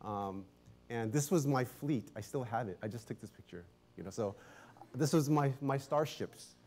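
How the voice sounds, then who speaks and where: A middle-aged man preaching as a pastor, telling a story in a chatty, animated way, often restarting his sentences and laughing. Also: mid-range voice, normal speed. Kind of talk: casual storytelling sermon.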